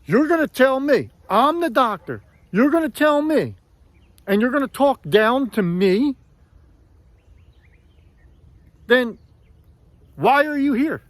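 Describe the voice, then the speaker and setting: Jersey guy imitating a mad old dentist yelling at him, pitched up and loud. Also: normal speed, hardly any pauses, no room sound. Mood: indignant. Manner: indignant shouting. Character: angry older male dentist, shouting, indignant.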